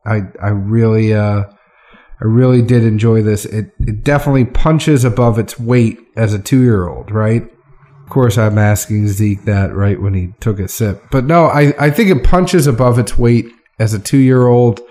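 A man's voice: lowish voice, unhurried, warm tone. A man co-hosting a casual whiskey tasting, describing flavors in a chatty way with restarts.

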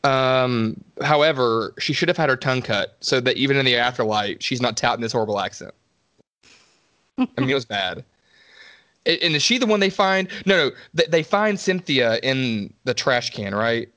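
Expressive and medium-pitched, this man's voice comes across pushed and bright at a normal speed, with no echo. As a podcast co-host, he chats casually through a slasher movie recap, sarcastic and rambling, laughing and cursing frequently.

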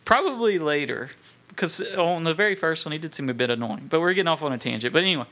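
A man in his twenties co-hosting a podcast in casual chat, talking haltingly with frequent laughs. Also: on the high side, lively intonation, a bit bright. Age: 20s. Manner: hesitant, halting, laughs often. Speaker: podcast co-host.

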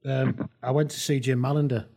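A man hosting a podcast, telling a comic anecdote in an animated, giggly way. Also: mid-range voice, fairly quick, gravelly. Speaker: podcast host.

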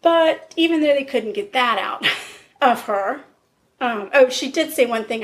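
A woman's voice: high voice, lively intonation, measured pace. A woman hosting a podcast, casually telling a true crime case in a blunt, chatty way. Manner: conversational, blunt, laughs often. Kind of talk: casual storytelling.

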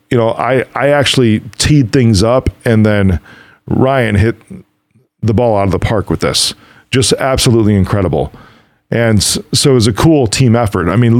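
A man's voice: fairly low pitch, a little mellow, no echo. A middle-aged man hosting a podcast, talking casually in a motivational monologue and acting out conversations as he tells stories. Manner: storytelling, quotes others and himself; casual, swears now and then. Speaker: podcast host.

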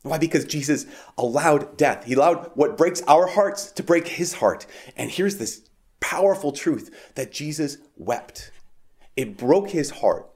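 A man preaching a homily at Mass in a conversational way, with frequent "like" and restarts, rising for emphasis and dropping soft on key lines. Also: fairly high pitch, animated, measured pace.

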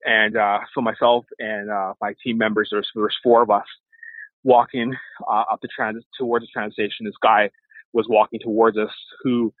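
A man, an evangelist guest, telling a lively testimony story and acting out the voices of the people in it. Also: on the low side, normal speed, dry recording. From Canada. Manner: animated storyteller, acts out voices. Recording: tinny phone-like line.

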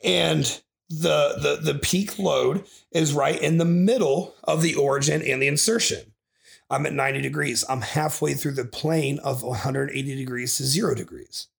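A man's voice: a little high, moderate pace, creaky. A man hosting a podcast as a bodybuilding coach, ranting in an aggressive, profane way and swearing constantly.

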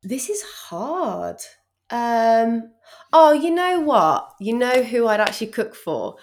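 Woman, cookbook author guest, bubbly, animated, chatty. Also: on the high side, slow, a little hiss or hum. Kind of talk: casual interview chat.

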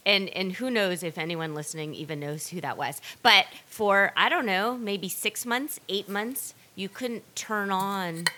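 A woman's voice: mid-range voice, measured pace, few pauses, bright, forceful tone. A woman hosting a podcast, talking candidly in casual conversation. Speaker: podcast host. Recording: faint hiss.

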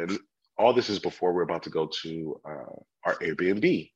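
Husky, low-voiced man telling stories. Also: normal speed, lo-fi sound. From California. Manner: animated storyteller, acts out customers' voices. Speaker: sommelier guest. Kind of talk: casual chat.

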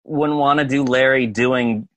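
A man hosting an interview, asking quick questions with frequent restarts. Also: medium pitch, steady tone, dry recording. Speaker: interviewer host. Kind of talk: casual interview.

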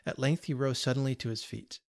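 A man reading a classic story aloud in a steady, measured narration. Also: medium pitch, gravelly. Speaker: podcast story reader.

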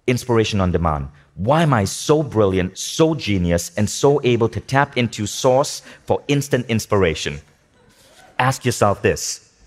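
A man giving a motivational talk to a live audience, energetic, asking the room questions and repeating key phrases. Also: on the low side. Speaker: speaker teaching a workshop.

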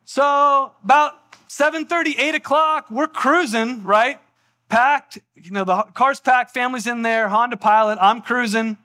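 A pastor preaches a sermon, animatedly recounting a personal story and acting out the voices of the people in it. His voice is very high and unhurried.

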